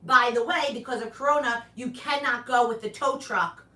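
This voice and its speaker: A woman's voice: on the high side, steady tone, moderate pace, bright, forceful tone, roomy sound, recorded from a distance. A woman telling a personal story in a casual monologue, acting out both sides of conversations and adding sound effects. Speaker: comedian vlogger. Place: apartment room.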